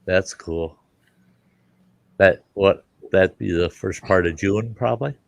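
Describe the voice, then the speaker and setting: Low voiced middle aged guy spinning a joke, animated, dry close mic. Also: slow pace, vocal fry, no room sound, muffled recording. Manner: folksy, animated, chuckling. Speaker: storyteller host. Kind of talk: casual spoken joke telling.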